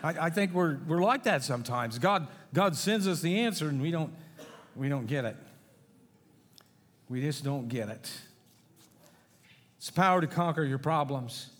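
Middle-aged man, folksy pastor preaching with jokes; higher voice, long reverb of a church hall. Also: animated, normal speed, pauses often, fairly bright tone. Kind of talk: sermon.

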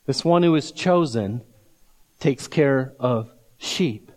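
A man preaching a sermon, slow and emphatic, drawing out key words and breaking into scripture readings with his own asides. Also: mid-range voice, darkish tone, long reverb tail. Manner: reads scripture aloud with asides. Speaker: pastor.

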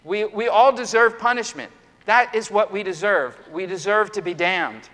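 This middle-aged preacher's voice sits high and fairly bright, moving at a normal speed through an earnest sermon. He leans on emphatic rhetorical questions, and the room adds a long hall reverb.

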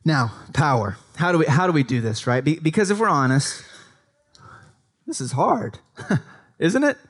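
A pastor with a sing-song voice on the high side preaches at a measured pace in a conversational way. He often checks in with listeners, adding "right?" to invite agreement, and acts out quoted speech in a livelier voice.

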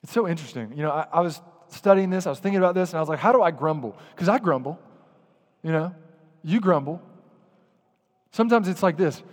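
A man with a high voice delivers an animated sermon as pastor, addressing the congregation directly. His voice carries a long reverb from the hall it was recorded in. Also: quick pace. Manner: animated, acts out grumbling voices.

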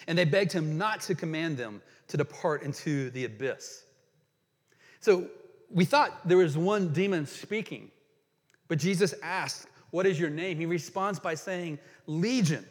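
A man preaches in a slightly high voice that rings through a church hall with a long reverb. He reads scripture passages aloud and then reflects on them as a pastor. He slows down for emphasis on key questions. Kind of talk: sermon.

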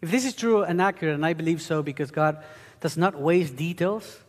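A man's voice: on the high side, a little fast. A man preaching a sermon, teaching earnestly and rising into emphatic bursts. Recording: long hall reverb.

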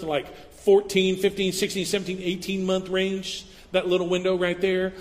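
High-voiced man preaching in a reverberant hall. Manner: conversational, animated, acts out little quoted voices. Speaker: pastor. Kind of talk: sermon.

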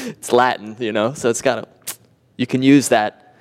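A man's voice: medium pitch, animated, normal speed, long reverb tail. A man preaching a sermon earnestly, with vivid imagery and rhetorical repetition. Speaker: pastor.

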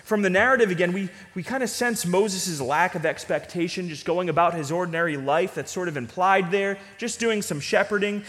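A man's voice: high-pitched, brisk, hardly any pauses, fairly bright tone. A man preaching a sermon as pastor in a church, earnest and pleading, with repeated emphasis. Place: church sanctuary with a congregation. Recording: long reverb of a church hall.

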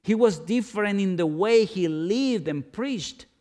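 A man preaching a sermon, dramatic, swinging from loud questions to hushed, low-spoken lines. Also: lively intonation, unhurried.

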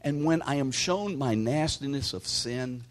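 A man preaching a sermon in a conversational way, calling out listeners by name and dropping to a hushed whisper for emphasis. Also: mid-range voice, expressive, a little slow. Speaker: pastor.

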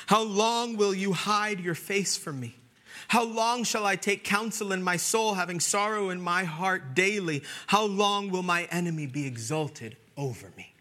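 Bright-voiced, emphatic male preacher. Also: high voice. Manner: emphatic preaching, swinging from loud declarations to hushed whispers. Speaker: pastor. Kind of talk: sermon. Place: church.

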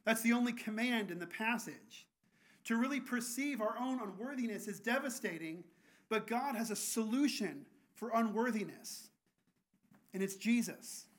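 A man's voice: sits high, lively intonation, moderate pace. A man preaching a sermon as a pastor, earnest and often restarting his words.

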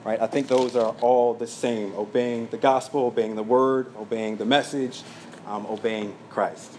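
A man teaching a sermon from his notes, speaking plainly with frequent fillers and quick asides. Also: medium pitch, steady tone, a little mellow, slight background noise. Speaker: pastor.

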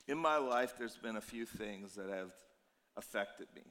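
Male pastor in his fifties, low and tired, conversational sermon delivery, long church-hall reverb. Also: unhurried. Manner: conversational storytelling, animated and emotional in places.

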